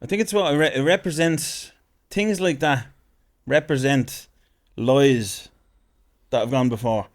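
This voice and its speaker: A man's voice: medium pitch, unhurried. An Irish man hosting a podcast, laid-back, mostly chipping in with short replies. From Ireland. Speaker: podcast host. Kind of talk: casual podcast chat.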